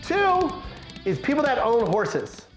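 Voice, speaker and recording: A middle-aged male comedian tells a story with big swings in his high, lively voice. He acts out each voice and curses freely. The room is echoey, with faint music underneath. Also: slow. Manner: animated, acts out every voice, swears freely. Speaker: stand-up comedian. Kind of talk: comic storytelling for an animated short. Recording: roomy echo with faint music.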